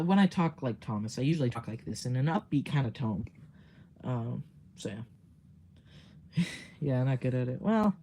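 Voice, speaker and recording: A man's voice: medium pitch, mellow, a little hiss or hum. Giggly, rambling man streaming. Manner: rambling, giggly, swears casually. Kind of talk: casual livestream chat.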